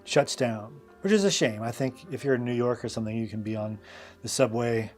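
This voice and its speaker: A man's voice: medium pitch, fairly quick, a little mellow, faint music behind. A man hosting a live drawing stream, telling casual stories in a loose, rambling way full of fillers and asides. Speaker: host and illustrator.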